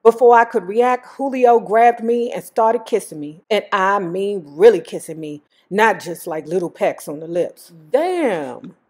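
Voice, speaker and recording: A woman's voice: medium pitch, lively intonation, measured pace, few pauses, darkish tone, breathy edge. A woman host reading a memoir aloud, breaking off for blunt, joking commentary. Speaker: YouTube host.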